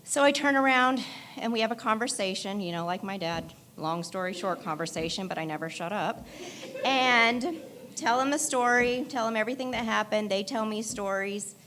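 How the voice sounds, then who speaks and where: A woman's voice: mid-range voice, normal speed, fairly bright tone, slight background noise. A woman speaking in church at a memorial service, telling candid stories about her late father, laughing through tears and crying at times. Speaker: daughter giving a eulogy. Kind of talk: memorial eulogy.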